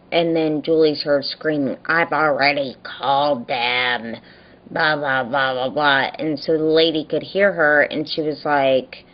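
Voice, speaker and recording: A young woman vlogs casually in a low voice with lo-fi sound, sounding tired and worn out. She retells a story about a neighbor with exasperation and animation, mocking the quoted voices.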